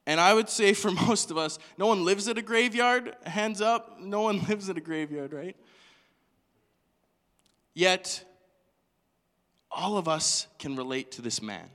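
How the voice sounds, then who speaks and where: A man preaching a sermon in a church hall, animated, asking the congregation question after question. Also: sits high, unhurried, long pauses. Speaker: pastor.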